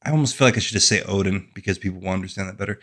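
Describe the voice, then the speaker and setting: A man's voice: sits low, racing, a bit bright, slightly rough. Rambling, wry male vlogger. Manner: rambling, self-deprecating, wry asides. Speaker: author and fantasy channel host. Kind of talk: casual talking-head monologue.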